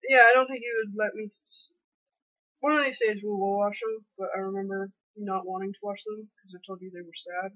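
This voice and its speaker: A woman's voice: medium pitch, steady tone, fairly quick, a bit bright, muffled recording. A woman co-hosting a podcast in casual chat, stuffed up with a cold and talking bluntly.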